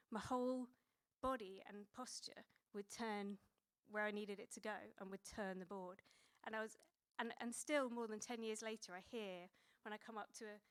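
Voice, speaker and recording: A woman's voice: medium pitch, fairly even intonation, normal speed, hardly any pauses, smooth. A woman in her thirties preaching a sermon in a conversational way, with many fillers and restarts.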